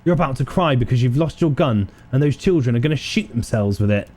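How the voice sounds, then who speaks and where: A man reading game narration aloud during a playthrough, with a wry, expressive delivery. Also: medium pitch, fast. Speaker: video game player and narrator.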